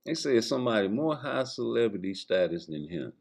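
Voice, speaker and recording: A man's voice: mid-range voice, sing-song, brisk, creaky, hardly any pauses. A man riffing in an improvised comedic bit, swearing freely and laughing constantly. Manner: profane, laughs constantly, mimics voices.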